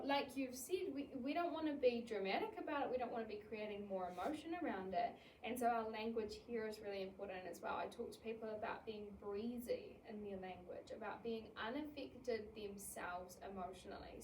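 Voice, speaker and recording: A New woman with a fairly high voice gives an animated childcare talk, acting out everyday scenes. She sounds set back from the mic in an echoey room. A faint hiss sits under her voice. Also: far from the mic. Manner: animated, acts out scenarios in quoted voices. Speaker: early childhood educator.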